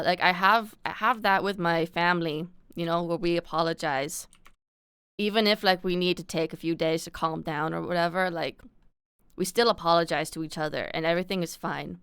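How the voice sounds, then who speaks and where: A woman's voice: lowish voice, a bit bright, clean tone, dry recording. A young adult woman live streaming, chatting candidly and confessionally to her viewers in slangy, casual talk on a close desk mic. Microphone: desk mic close to the mouth.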